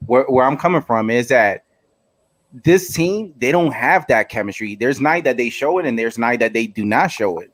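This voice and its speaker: A man in a casual sports debate who speaks haltingly, restarting with repeated words as he makes his point. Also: medium pitch, animated.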